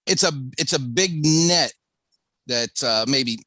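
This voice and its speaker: A man co-hosting a sports podcast, explaining things in a quick, friendly way. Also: mid-range voice, a loud crowd. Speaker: podcast co-host. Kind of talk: casual sports podcast chat.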